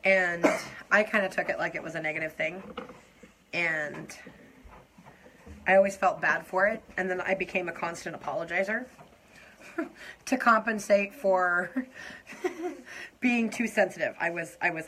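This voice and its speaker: Young adult woman, makeup live stream, lowish voice, confiding chat, noisy background. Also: unhurried, pauses often. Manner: warm, confiding, breaks into soft laughs. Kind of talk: casual heartfelt chat to viewers while doing makeup.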